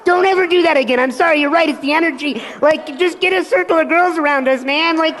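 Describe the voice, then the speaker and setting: A man's voice: very high voice, quick pace, crowd noise, noisy background, voice pushed up. A man putting on a frantic panicking friend. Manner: frantic, pleading. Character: panicking young male best friend. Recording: long hall reverb.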